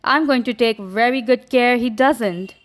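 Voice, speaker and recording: A woman reading the lines of a calm, sardonic adult man in an audiobook. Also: a little high, a little slow, lightly acted. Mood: cool. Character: cool, mocking adult man, an adventurer.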